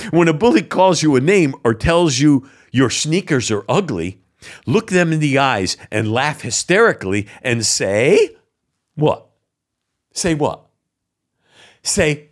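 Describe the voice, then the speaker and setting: A man hosts an opinion commentary show, his voice slightly high, very animated and unhurried. Sarcastic and exasperated, he mocks what he reads aloud with scoffing laughs, sounding indignant throughout.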